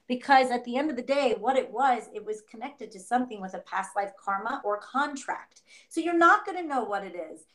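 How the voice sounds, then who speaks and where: Animated woman reading tarot. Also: on the high side. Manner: animated, acts out inner voices, laughs often. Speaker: tarot reader co-host. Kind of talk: casual spiritual reading chat.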